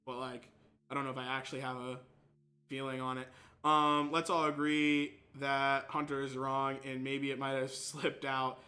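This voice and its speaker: A young man streaming games and chatting casually with viewers, telling stories animatedly and acting out quotes with sudden jumps in pitch. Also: flat delivery, normal speed, bright, forceful tone. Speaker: gaming streamer.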